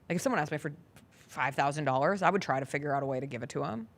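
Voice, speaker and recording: A woman's voice: sits low, racing. A woman hosting a talk show, telling a long story in a casual, earnest way and acting out the dialogue. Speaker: sports talk show host. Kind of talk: casual chat.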